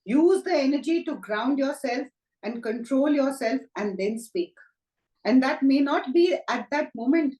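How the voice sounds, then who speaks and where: Brief: woman, Reiki teacher, gentle rhetorical musing, slightly high voice, echoey room. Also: lively intonation, a little slow. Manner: gentle, reflective, asks rhetorical questions. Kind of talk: conversational talk on self-help.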